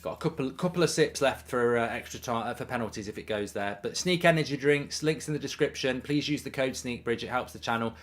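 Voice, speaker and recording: Speaking fast with few pauses, a man with a mid-range voice hosts a watchalong live stream despite having hiccups. His manner is chatty, he voices viewer messages aloud, and he says "um" often.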